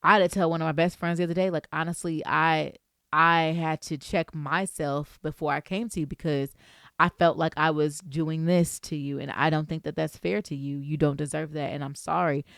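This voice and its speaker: A woman vlogger giving a casual faith talk, lively and playful, speaking straight to the viewer. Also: low voice, normal speed, creaky, clear, resonant tone, no room sound, studio quality.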